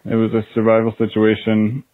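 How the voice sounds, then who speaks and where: A man calls in over a thin, phone-like line, telling his story in a low, monotone voice. He is matter-of-fact and halting, and the line is dry and close. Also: no room sound. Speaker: caller.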